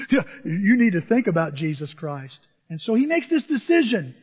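A man preaching a sermon as pastor, animated and storytelling, acting out the voices of the people in his stories. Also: high-pitched, a little fast, hardly any pauses, breathy edge, big-room sound, dull audio.

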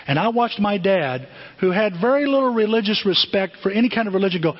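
A man's voice: high-pitched, a little fast, a little hiss or hum. An older man, a pastor, preaching a sermon and telling stories, acting out the voices of people he quotes. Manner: storytelling, animated, acts out quoted voices. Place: church sanctuary. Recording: dull long-reverb church hall.

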